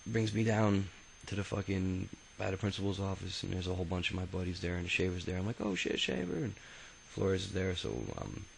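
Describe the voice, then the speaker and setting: Man, deep and gravelly, telling his memoir off the cuff: rambling, profane, full of ums and restarts. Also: flat delivery, brisk, few pauses, a little hiss or hum, poor audio. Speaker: autobiography narrator. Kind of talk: casual spoken memoir.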